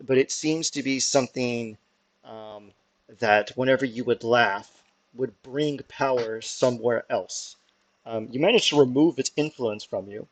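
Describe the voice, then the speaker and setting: Brief: casual young male game master, mid voice, loose and profane. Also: mid-range voice. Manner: casual, laughing, swears, lots of ums. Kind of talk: narrating a tabletop game.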